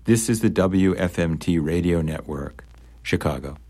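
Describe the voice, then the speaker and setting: A man hosting a radio program, delivering a formal, scripted sign-off. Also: low-pitched. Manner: formal, measured. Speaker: radio host.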